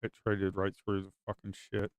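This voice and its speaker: A man's voice: sits low, completely flat delivery, normal speed, smooth, dry recording. A man streaming his live trading who talks bluntly, swears, and repeats himself as he gets exasperated. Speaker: day trader streaming live. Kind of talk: casual live commentary while trading.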